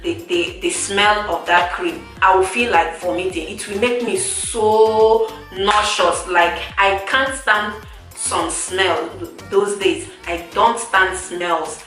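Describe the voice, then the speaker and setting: Lady vlogging, lively and laughy, kinda far from the mic with soft music behind. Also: medium pitch, takes it slowly. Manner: animated, laughing often, repeats words for emphasis. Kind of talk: casual chat to camera. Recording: roomy echo, far from the mic, faint music.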